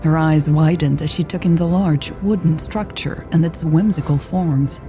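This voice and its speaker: A woman narrating a romance story in a steady, unhurried scripted reading. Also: deep voice, soft background music. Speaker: audiobook narrator.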